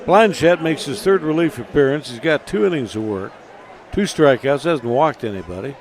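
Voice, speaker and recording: Steady male baseball play-by-play announcer. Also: a little high, normal speed, a little hiss or hum.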